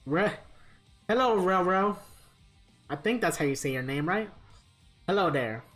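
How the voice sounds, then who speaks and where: A man's voice: sits high, animated, measured pace, a bit bright, soft background music. A man live-streaming a fighting game, chatting casually with viewers in a rambling, profane storytelling manner.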